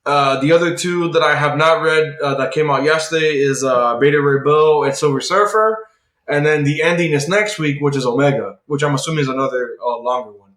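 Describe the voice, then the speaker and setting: Brisk and slightly high with a bit of brightness, a podcast co-host casually recaps a comic plot with obvious eagerness. He rambles, peppering everything with "like" and restarting often, and the recording echoes like a large room.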